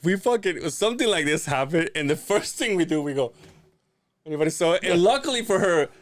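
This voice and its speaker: A man's voice: high voice, animated, fairly quick, no echo. A man telling a funny family story on a podcast, laughing often and swearing casually. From Latin American family. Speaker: podcast guest.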